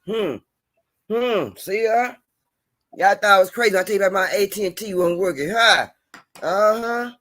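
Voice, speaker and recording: A man's voice: high-pitched, moderate pace, pauses often, fairly bright tone. A man hosting a casual chat show, laid-back and talking straight to his viewers. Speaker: host.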